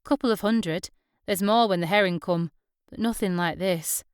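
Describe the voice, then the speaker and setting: A woman's voice: mid-range voice, moderate pace, clear, resonant tone, no echo, clean studio sound, natural voice. A woman voicing Clara, a cheerful young island woman with a sing-song lilt and an eager, friendly manner. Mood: curious.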